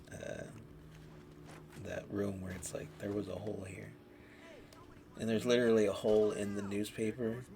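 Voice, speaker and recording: A man casually reviewing shows on a podcast, rambling with heavy swearing and lots of fillers. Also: lowish voice. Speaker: podcast host. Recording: noisy background.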